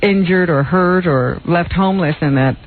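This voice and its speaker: A woman's voice: on the low side, moderate pace. A woman co-hosting a radio show, reading the news in a chatty, giggly way. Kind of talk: casual news reading and banter. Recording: lo-fi phone-like radio recording.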